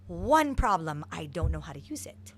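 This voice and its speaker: A woman's voice: deep voice, a little fast, slightly rough. A middle-aged woman from Hawaii, a soccer coach, telling stories from her past with lots of energy in an interview. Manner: energetic, animated storyteller. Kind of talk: interview storytelling.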